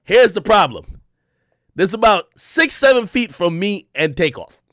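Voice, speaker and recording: A man streaming, telling a story in an excitable, profane way, shouting as he reenacts moments. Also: high-pitched, a little slow, no room sound, clean studio sound.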